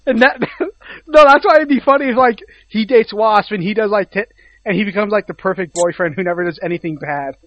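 High-voiced young man, dull lo-fi sound. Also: a little fast, a little hiss or hum. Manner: laughing, joking asides. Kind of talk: casual chat.

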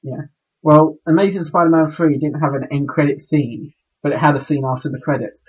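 Male podcast co-host, husky, slightly high, stumbles over words, lo-fi recording. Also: steady tone, fairly quick. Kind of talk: casual podcast chat.

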